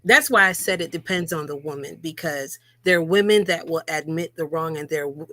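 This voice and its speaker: A woman's voice: sits low, brisk, fairly bright tone. A woman co-hosting a live talk about relationships, speaking earnestly and repeating key phrases for emphasis. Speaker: co-host.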